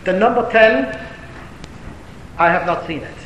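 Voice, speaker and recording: Man, Torah lecture, emphatic storytelling, high voice, long hall reverb, faint rumble. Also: expressive, a little slow, fairly bright tone, dull audio. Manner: storytelling, rising to emphatic declamation; mixes Hebrew and Yiddish terms. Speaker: rabbi answering a question.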